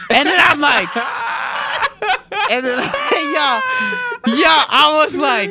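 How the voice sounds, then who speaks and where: A man, telling a profane, animated story to friends and acting out the voices. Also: high-pitched, unhurried, a little hiss or hum. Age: 20s. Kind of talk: casual chat.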